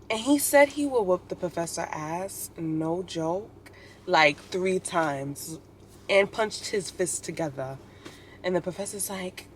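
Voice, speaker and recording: A woman's voice: on the low side, sing-song, normal speed, a little hiss or hum. A young woman telling stories in a chatty, opinionated way in a casual vlog, with lots of "like". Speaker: vlogger.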